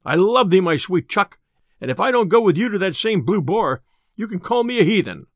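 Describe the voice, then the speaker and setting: A man voicing a boastful, quick-tempered tinker who blusters in old-fashioned speech, read in a storybook telling. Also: high voice, big pitch swings, no echo, studio quality. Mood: hearty. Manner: blustering, loud archaic speech.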